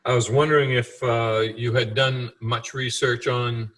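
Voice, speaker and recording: Guy in a class asking questions, hesitant, mid-pitched voice, lots of uh. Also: level tone, measured pace, a bit bright, poor audio. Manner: hesitant, searching for words.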